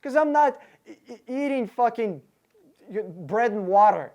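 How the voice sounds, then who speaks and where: A man's voice: extremely high pitch, animated, measured pace, a little mellow. A man hosting his car-buying channel, ranting angrily and sarcastically while working out costs aloud, swearing freely and often stumbling over his words. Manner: angry, profane, sarcastic, thinks aloud through sums. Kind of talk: casual rant to camera.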